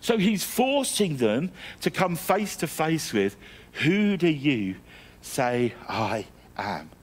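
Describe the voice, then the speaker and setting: A man's voice: on the high side, very animated, takes it slowly. A middle-aged man from England preaching a sermon, telling stories with self-deprecating humour and frequent restarts. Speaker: guest preacher.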